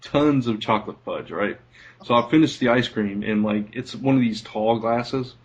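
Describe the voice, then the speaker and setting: A man's voice: mid-range voice, normal speed, slightly rough, muffled recording. A man co-hosting a casual podcast, who laughs a lot and keeps wandering off into side stories. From lives in Kentucky, not born there. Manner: laughs often, rambles off on sidetracks. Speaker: podcast co-host. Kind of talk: casual chat.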